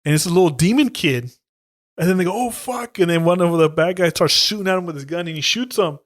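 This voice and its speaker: A man in a laid-back podcast chat, talking through movie plots in easy street slang. His voice sits a little high for a man, and he drops into quiet mutters when he quotes characters. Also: quick pace, no echo, studio quality. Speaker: podcast co-host. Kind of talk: casual profane chat.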